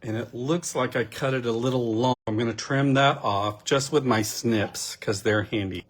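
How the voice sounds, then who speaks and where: A man giving a casual, unhurried card-making demonstration, chatty and self-deprecating as he works. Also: mid-range voice, a little hiss or hum.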